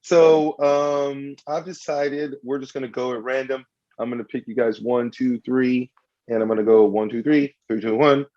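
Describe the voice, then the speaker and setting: A man's voice: mid-range voice, little pitch movement, moderate pace, a little mellow. Teasing male podcast host, muffled sound. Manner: teasing, goofs around. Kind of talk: casual podcast chat, running a party game.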